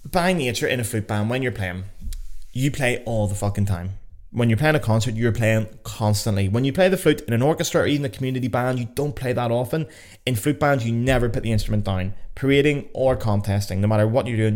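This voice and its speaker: A Northern Irish man talks at home in a loose, unscripted podcast, with a voice sitting a little low. He is excitable and chatty, and swears freely as he goes. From Northern Ireland. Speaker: podcast host. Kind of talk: casual solo podcast.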